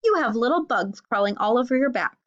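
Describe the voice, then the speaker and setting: A woman's voice: on the high side, expressive, brisk, lo-fi sound, close to an everyday voice. A woman voicing a small, cheerful, curious male bird in a read-aloud animal story, in a chirpy, raised voice. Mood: eager.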